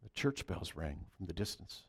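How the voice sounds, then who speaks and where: Soft-spoken man telling a story. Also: sits low, very animated, gravelly, slightly rough. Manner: soft, halting, drops to a hush. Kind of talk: Christmas Eve storytelling.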